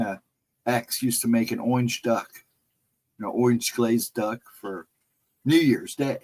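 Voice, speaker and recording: A man's voice: mid-range voice, a little mellow, breathy edge, poor audio. Chuckling man rambling through a casual livestream chat. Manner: rambling anecdotal storyteller, chuckling often. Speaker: livestream host chatting with viewers.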